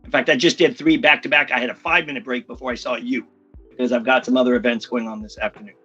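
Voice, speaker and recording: A man coaching on public speaking in a podcast interview, with a bright, forceful edge and a husky grain in his voice. He talks emphatically and jumps into short impressions to make his point. A faint music bed runs underneath. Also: medium pitch, muffled recording. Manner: energetic, emphatic, slips into quick impressions. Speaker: communication coach.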